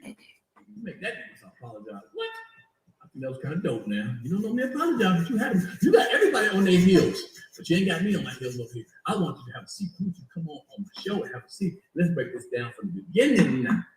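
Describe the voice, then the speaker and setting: A man hosting his own show, teasing a rival in lively casual commentary and mimicking others. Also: on the high side, quick pace, roomy sound, slight background noise, rough recording. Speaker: show host.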